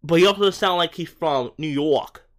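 A man co-hosting a podcast, talking over a film in a casual, rambling way, full of "like" and restarts, and often getting excited. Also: a little high, moderate pace. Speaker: podcast co-host. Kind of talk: casual movie-review chat.

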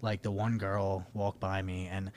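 A man's voice: deep voice, measured pace. Profane young man with Philly-twang. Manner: profane, animated, laughing storyteller. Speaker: podcast co-host. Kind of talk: casual storytelling.

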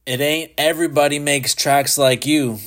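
A man's voice: medium pitch, steady tone, normal speed, close to an everyday voice. A man voicing a heavyset middle-aged policeman who questions bluntly and suspiciously in a storybook reading.

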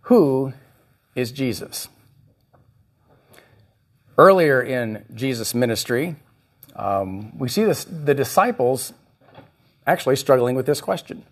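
A man's voice: medium pitch, expressive, slow, long pauses. A male pastor preaching a sermon, reading scripture and acting out the voices he quotes. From United States.

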